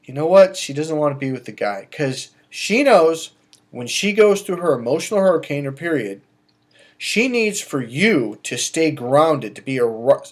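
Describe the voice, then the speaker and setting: A middle-aged man, a dating coach, giving emphatic advice straight to camera, swinging between loud bursts and quiet asides. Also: a little high. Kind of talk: direct-to-camera advice monologue.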